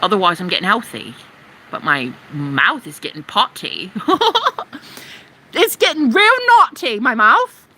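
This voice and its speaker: A woman's voice: medium pitch, sing-song, normal speed, bright, forceful tone, low-quality recording. A woman live streaming, talking casually and ranting in a brash, sarcastic way full of profanity.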